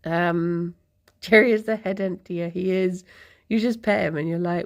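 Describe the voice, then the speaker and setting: A woman's voice: on the low side, a little slow. A young woman from near London, chatting casually with her stream viewers, laughing often and losing her thread mid-sentence. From England, near London. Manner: chatty and giggly, drifting off mid-thought.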